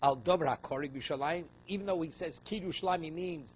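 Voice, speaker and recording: A rabbi leads a Talmud class in a somewhat high voice, reading Aramaic lines and explaining them in English. He keeps checking in with his students. The recording is a little dull, with faint room noise behind him. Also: fast. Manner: mixes Aramaic quotes into English, asks "okay?" and "right?" often.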